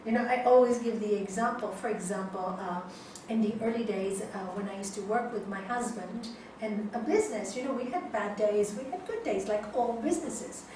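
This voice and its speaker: A woman yoga teacher giving a teaching talk to her students, an animated storyteller who acts out quoted dialogue. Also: medium pitch, normal speed, a little hiss or hum. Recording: echoey room, mic at a distance.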